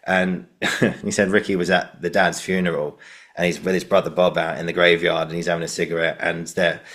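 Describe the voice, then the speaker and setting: A man hosts a relaxed podcast chat in a very deep voice. He wanders through his points with plenty of "you know" and laughs as he retells jokes. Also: a little fast. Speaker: podcast host. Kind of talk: casual podcast conversation.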